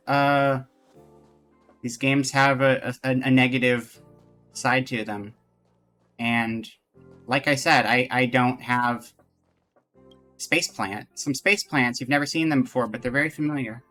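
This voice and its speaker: A man streams a game live, chatting with his viewers and reading the on-screen text aloud. His voice is bright and forward, at an ordinary pitch for a man. Faint music plays underneath. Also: fairly even intonation, measured pace, pauses often. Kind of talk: casual live game commentary.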